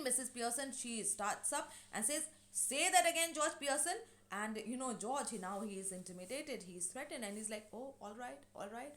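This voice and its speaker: A woman's voice: mid-range voice, a bit bright. A woman teacher with an Indian English accent explains a play to her class, retelling its scenes with many fillers and short acted quotes.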